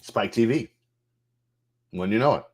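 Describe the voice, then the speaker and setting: Unhurried and husky, with a slightly mellow, somewhat low voice, a man streaming gameplay loosely narrates his way through a game's menus. He muses aloud while clicking, curses occasionally, and his keyboard clatters in the background.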